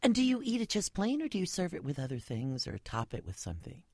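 A woman's voice: fairly low pitch, wildly swooping pitch, fast, darkish tone, slightly rough, no room sound. A woman hosting a public radio food program, interviewing a guest and reading sponsor messages. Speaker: radio show host.

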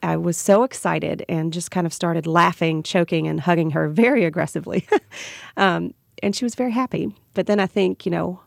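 A woman's voice: lowish voice, moderate pace, creaky, dry recording, clean studio sound. A woman with a Southern US accent, a radio guest telling a heartfelt personal story with bits of laughter.

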